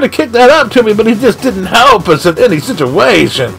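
A man commentating his own video game play live, excitable and shouting at the action. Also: high voice, a little fast, creaky, hardly any pauses, soft background music. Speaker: gaming channel host.

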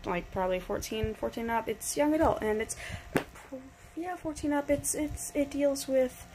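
A woman's voice: sits high, moderate pace, dark tone, slight background noise, rough recording. A woman in her twenties from New York, gushing about a book in a rambling casual review with restarts and casual swearing. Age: 20s.

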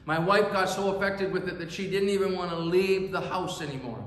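Male pastor, fairly high voice, earnest storytelling sermon, big church reverb. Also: brisk, a bit bright, a little hiss or hum. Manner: earnest, emphatic storytelling with sound words. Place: church sanctuary. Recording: echoey church hall reverb.

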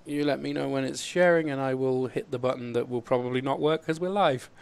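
A man's voice: medium pitch, gravelly, smooth. A man with an Australian accent hosting a live stream, chatting casually and laughing as he sorts out technical problems. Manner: chatty, halting, laughs often while fixing tech.

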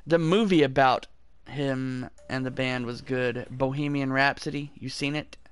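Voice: medium pitch, steady tone, measured pace, clear, resonant tone. A streamer giving rowdy, profane commentary while playing a shooter game, trash-talking enemies and breaking into bits of song. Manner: bursts into singing lines between kills. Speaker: gameplay streamer. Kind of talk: casual gameplay commentary.

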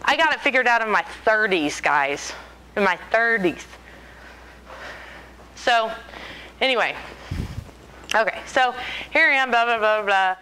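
A woman in her forties telling stories to an audience, animated and joking, laughing often. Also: on the high side, measured pace, long pauses, slight background noise, low-quality recording. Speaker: speaker. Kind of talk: storytelling talk to an audience.

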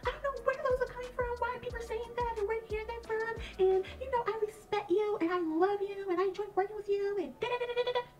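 A woman mimicking a female coworker who pleads innocence in a high, tearful, sing-song voice. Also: quick pace, few pauses, darkish tone. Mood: pleading.

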